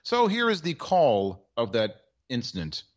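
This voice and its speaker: A man's voice: mid-range voice, wildly swooping pitch, measured pace, lo-fi sound. A man co-hosting a podcast, telling a sports story in a wry, rambling way with plenty of filler words. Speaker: podcast co-host. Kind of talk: casual sports chat.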